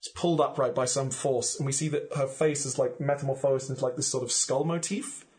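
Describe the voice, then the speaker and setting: Man spinning a vivid story pitch. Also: fairly even intonation, brisk, darkish tone. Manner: vivid, descriptive, full of "like" fillers. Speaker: podcast guest pitching a story.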